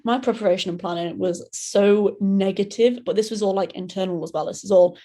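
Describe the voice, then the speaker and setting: Young british woman chatting in a podcast interview, laid back, mellow voice, mid pitch. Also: brisk, a little hiss or hum. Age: young adult. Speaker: guest, solo ocean rower. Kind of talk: casual interview talk.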